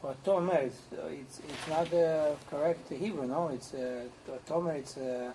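A man in a class hesitantly questioning a point of grammar, halting with fillers. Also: fairly high pitch, mellow, a little hiss or hum, poor audio. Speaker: student.

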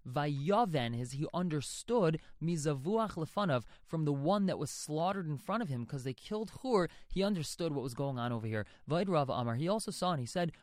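A man's voice: on the high side, a little mellow, no echo, studio quality. A man teaching a religious text line by line, reading each phrase and then translating and explaining it. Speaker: Torah teacher.

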